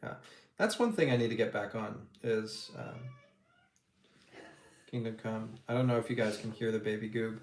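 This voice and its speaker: A man with a lowish voice chats casually on a livestream while painting miniatures, speaking at normal speed and pausing often. He's jokey and rambling and laughs a lot, recorded in an echoey room with faint noise.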